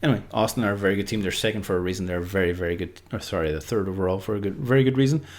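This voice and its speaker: A deep-voiced Irishman rattles off rapid-fire football predictions, casual and unscripted, rambling with heavy use of filler words.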